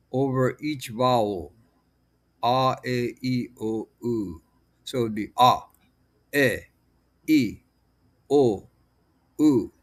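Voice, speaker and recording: Slow gravelly man drilling pronunciation. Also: medium pitch. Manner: drills sounds one by one, deliberate. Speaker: language teacher. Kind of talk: slow patient pronunciation lesson.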